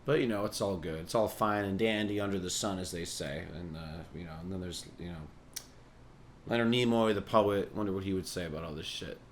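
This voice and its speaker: Low-pitched and a little quick, this podcast host from New York rambles casually, swearing and sardonic, cracking himself up along the way. There's a faint hiss or hum on the recording.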